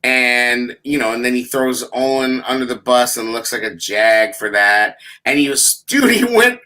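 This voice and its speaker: Animated, bright-voiced man in sports banter. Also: medium pitch, unhurried. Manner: animated, profane, laughing storyteller. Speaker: podcast host.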